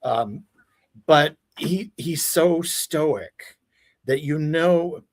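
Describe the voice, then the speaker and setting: A man's voice: fairly high pitch, drawn-out words. A man guesting as an entertainment expert on a video call, talking casually with lots of laughter and swearing. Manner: animated, laughs a lot, swears freely. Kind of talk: casual chat.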